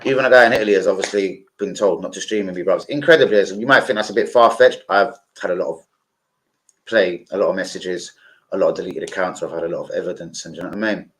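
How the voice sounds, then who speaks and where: Brief: young bloke streaming, low-ish voice, rambles, swears, lots of fillers. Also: male voice, fast talker, slight background noise, rough recording. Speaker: football streamer. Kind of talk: casual live-stream chat.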